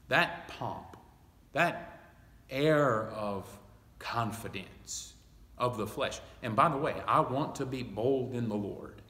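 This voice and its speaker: Slow-preaching pastor in an echoey church. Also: male voice, medium pitch, bright, forceful tone. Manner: slow, emphatic preaching, reading scripture aloud. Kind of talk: Bible study sermon. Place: church sanctuary.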